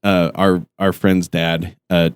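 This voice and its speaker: A man's voice: low-pitched, flat delivery, slow, clean tone, dry recording. A man from Utah with kids, telling an embarrassing story in a casual podcast chat, laughing and self-deprecating. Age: adult with kids. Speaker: podcast co-host.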